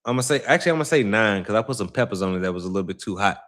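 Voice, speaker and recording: A man's voice: fairly low pitch, animated, very fast, a bit bright. A young man from Saint Louis hosting a casual livestream, chatting loosely with viewers in slangy, rambling talk. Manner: loose slangy talk, chatty, lots of "you know what I'm saying". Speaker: livestream host.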